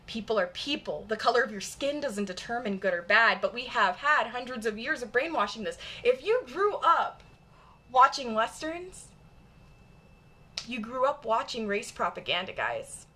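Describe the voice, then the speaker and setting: A woman with a general Michigan accent talks straight to her viewers in a casual chat. Her voice sits a bit high and rings bright and forceful. She is blunt and emphatic and swears freely. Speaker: streamer.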